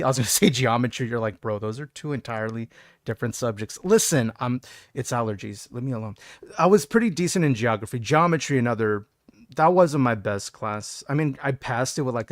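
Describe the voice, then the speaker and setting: A man's voice: mid-range voice, no room sound, clean studio sound. A young man from Texas in casual, rambling live-stream chat, reading out viewer messages as he plays. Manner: rambling, chatty, reads chat aloud. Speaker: game streamer.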